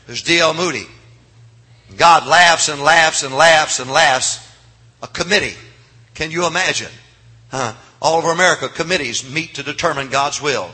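A man preaching a revival sermon in a church, swinging from hushed asides to shouts. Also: on the high side, a little fast, slightly rough. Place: church sanctuary.

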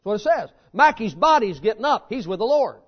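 A man preaching a sermon in a folksy, animated storytelling manner. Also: sits high, fairly quick. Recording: dull lo-fi sermon recording.

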